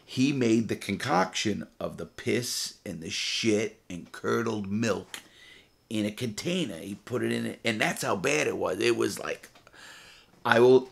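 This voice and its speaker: A man's voice: on the low side, gravelly. A middle-aged man, a former prisoner, bluntly telling first-person stories with profanity. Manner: blunt and profane, vivid retelling.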